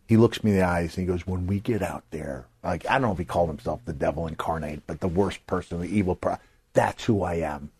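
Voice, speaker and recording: An older man hosting a podcast, telling animated stories and acting out the voices of people he quotes, sometimes jumping to a shout for a punchline. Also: deep voice, no room sound. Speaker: podcast host. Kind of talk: casual storytelling.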